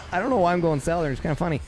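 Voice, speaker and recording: A man commentates a strategy game live in an excitable play-by-play style. His voice sits on the high side and he often repeats his short calls. Faint music plays underneath. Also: racing, creaky.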